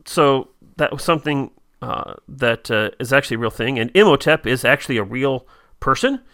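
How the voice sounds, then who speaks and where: Bright-voiced man chatting with fillers. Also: medium pitch, expressive, normal speed, no echo, clean studio sound. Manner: hesitant, many fillers, reads quotes aloud. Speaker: podcast co-host. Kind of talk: casual chat about a TV episode.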